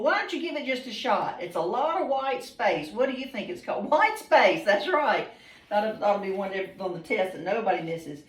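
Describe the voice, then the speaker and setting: Woman teaching class, far off. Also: medium pitch. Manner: patient, questioning students by name, frequent ums. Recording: roomy classroom, mic far off.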